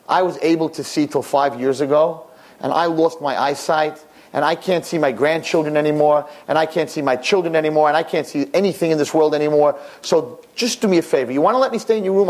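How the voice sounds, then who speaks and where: A man voicing a miserable, grisly old blind man who talks in a gruff, bitter, snapping way. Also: a little high, brisk, a little mellow, lightly acted.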